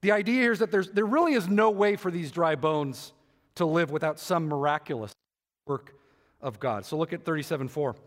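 A man's voice: on the high side, brisk, long reverb tail. A man preaching a sermon, who restates his points again and again and asks the congregation rhetorical questions. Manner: repeats and rephrases for emphasis, asks rhetorical questions.

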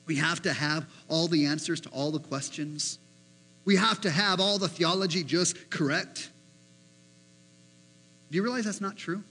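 A man preaching a sermon as pastor, animated, acting out the voices he quotes. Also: a little high, a little hiss or hum, poor audio.

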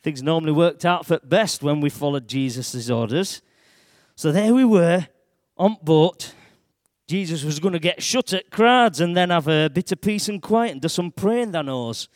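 A man tells a Bible story in the first person, in thick dialect, throwing in shouts at the big moments. His voice sits fairly high for a man, and the sound is close and dry. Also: normal speed, no echo. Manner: broad dialect, lively, shouts at dramatic moments. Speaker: church storyteller.

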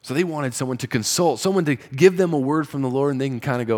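A man preaching a conversational sermon as pastor, rising in pitch and volume for emphasis. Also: lively intonation, brisk, a little mellow.

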